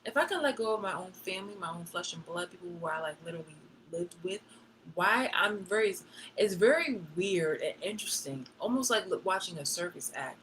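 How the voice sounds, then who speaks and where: Blunt lower-voiced woman telling her story. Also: a little fast, slight background noise, rough recording. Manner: blunt, profane and emotionally animated. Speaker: live streamer. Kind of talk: candid personal storytelling.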